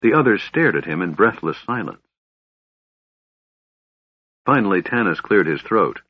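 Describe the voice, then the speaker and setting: A man narrating a fantasy audiobook in a measured storytelling manner. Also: low-pitched, very animated, breathy edge, dry recording, lo-fi sound.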